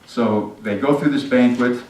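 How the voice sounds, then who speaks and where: A male pastor retells a story in his sermon casually and with humor, speaking a little slowly in a medium-pitched, slightly mellow voice. The distant mic picks up the echo of the church sanctuary.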